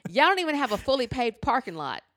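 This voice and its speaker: Woman, podcast co-host, lively swooping pitch, dry close sound, profane storyteller. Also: fast talker, no echo. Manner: animated, profane ranting storyteller. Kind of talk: casual podcast chat.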